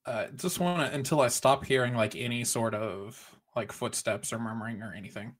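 A man with a mid-pitched voice taking part in a tabletop game, keeping his answers short and casual. He often hesitates and rephrases himself mid-thought. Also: fairly even intonation, normal speed. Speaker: player.

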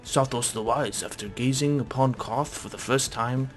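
A man's voice: mid-range voice, normal speed, soft background music, natural voice. A man voicing a pompous, grandiloquent male scholar and explorer in an odd put-on voice. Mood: boastful.

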